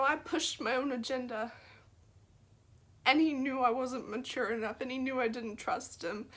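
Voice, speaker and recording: Husky woman sharing a heartfelt testimony. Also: sits high. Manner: earnest, drops to a soft whisper at tender moments. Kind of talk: personal testimony.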